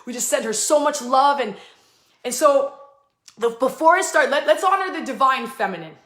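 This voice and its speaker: High-voiced woman channeling at a rapid clip. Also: lively intonation, a bit bright. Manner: fast, emphatic and effusive, with profanity; chants stretches of made-up syllables. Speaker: spiritual channeler hosting a live session. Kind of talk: spiritual channeling livestream. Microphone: live online video stream. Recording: echoey room.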